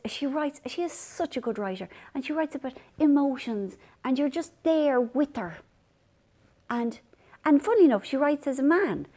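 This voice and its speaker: Her voice sits slightly high and has a mellow quality. This Irish woman, from Ireland, vlogs casually to camera, spinning rambling stories at her own expense.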